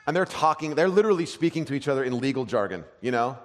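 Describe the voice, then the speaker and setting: A pastor in his thirties giving an animated sermon full of self-deprecating stories. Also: fairly high pitch, rapid-fire, few pauses, big-room sound.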